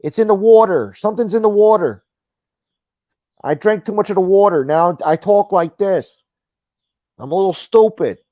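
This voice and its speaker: A man putting on a slow, dim boastful guy. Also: high-pitched, dry recording, muffled recording, voice pushed up, lightly acted. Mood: mocking. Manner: slow, drawling, self-mocking, profane. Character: boastful rambling dim-witted grown man.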